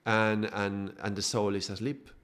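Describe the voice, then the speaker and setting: A man's voice: fairly low pitch, little pitch movement, measured pace, a bit bright. Chatty man teaching with tag questions. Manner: conversational, restarts, frequent tag questions. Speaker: spiritual teacher. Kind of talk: informal spiritual lesson.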